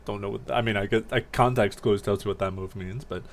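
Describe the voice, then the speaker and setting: A man with a lowish voice gives relaxed, chatty commentary while playing a game. His asides are offhand and conversational, with loose restarts. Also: fairly quick, gravelly. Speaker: streamer. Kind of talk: casual gameplay commentary.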